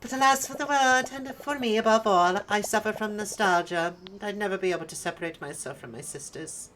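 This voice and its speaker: A woman's voice: mid-range voice, a little fast, fairly bright tone, slight background noise, natural voice. A woman voicing a witty, teasing retired old seamstress, reading game dialogue aloud in a proud, chatty manner.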